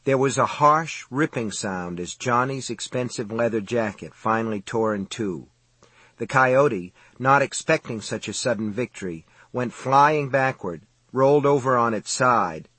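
A man reads a novel aloud in a measured, dramatic way. His voice is husky, and the recording is close and dry with no room sound. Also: medium pitch, no room sound. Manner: steady, measured, dramatic reading. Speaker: audiobook narrator. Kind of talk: scripted narration.

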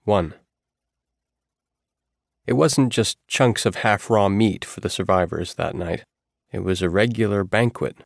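A man reads a first-person novel aloud in a steady, measured manner. His voice sits low. The recording is close and dry. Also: gravelly, no room sound. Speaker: audiobook narrator. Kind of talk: first-person audiobook narration.

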